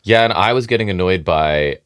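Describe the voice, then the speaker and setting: A man's voice: deep voice, brisk, fairly bright tone, clean tone, no echo, studio quality. A man co-hosting a casual wrestling podcast, giving opinionated takes and teasing his co-host. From Canada. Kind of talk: casual wrestling recap chat. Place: home basement.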